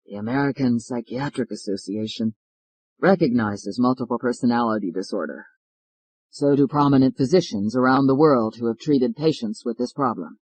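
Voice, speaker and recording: A man voicing a hoarse, feverish defense lawyer. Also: medium pitch, normal speed, a little mellow, close to an everyday voice, low-quality recording. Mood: earnest.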